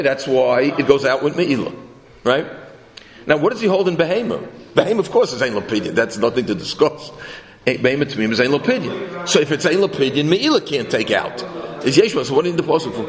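Male Talmud teacher with a lively, questioning delivery, recorded with long room reverb. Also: medium pitch. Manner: animated, questioning, self-correcting. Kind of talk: Talmud class lecture.

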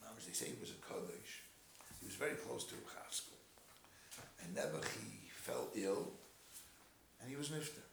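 A man giving an animated Torah class in English full of Hebrew and Yiddish terms, telling a story and explaining verses. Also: lowish voice, normal speed, gravelly, long pauses, a little hiss or hum. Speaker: Torah teacher. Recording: roomy echo.

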